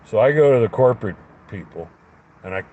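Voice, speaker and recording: Angry guy ranting live, lots of swearing, lowish voice, faint hum behind. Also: animated, fairly quick, warm tone, dull audio. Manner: profane, fuming, acts out both sides of the argument. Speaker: livestreamer.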